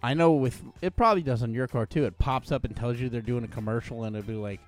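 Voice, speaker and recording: A man's voice: mid-range voice, fast talker, soft background music. A man co-hosting a podcast, rambling and ranting with lots of profanity in casual chat. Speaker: podcast co-host.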